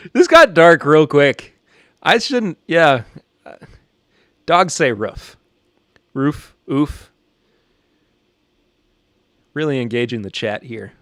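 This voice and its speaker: Slightly high and sing-song, this man's voice moves slowly with long pauses and a fairly bright tone, captured in a dry, clean studio recording. He's a podcast host from the Southern US with a matching accent, casually joking as he reacts to a live chat. He comes across as a little stressed.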